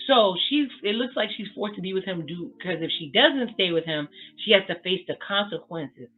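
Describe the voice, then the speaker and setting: A woman's voice: mid-range voice, animated, normal speed, few pauses, slightly rough. A woman giving blunt, sassy casual commentary as she recaps a reality TV episode, swearing freely. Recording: tinny phone-like sound with faint music.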